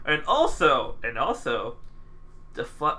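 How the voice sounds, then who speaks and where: A man co-hosting a casual podcast, talking in an excitable, rambling way with plenty of swearing. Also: mid-range voice, slow pace. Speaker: podcast co-host.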